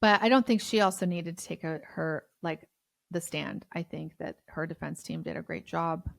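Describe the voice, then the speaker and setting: A woman's voice: deep voice, normal speed, gravelly, no echo. A woman co-hosting a true-crime podcast, talking in a blunt, chatty way and swearing freely. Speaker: podcast co-host. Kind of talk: casual true-crime chat.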